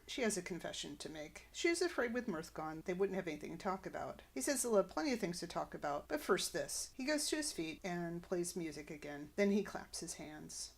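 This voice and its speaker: Lady podcaster walking through an old sitcom scene, lowish voice, explains every joke. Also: vocal fry. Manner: plain recapping, explaining jokes and references. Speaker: podcast host. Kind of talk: episode recap.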